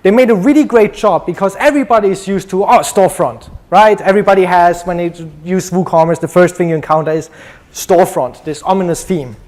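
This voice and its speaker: A man's voice: high voice, a little fast, a little mellow. A young man from Germany with a German accent, giving a chatty, joking conference talk full of ums. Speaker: conference speaker.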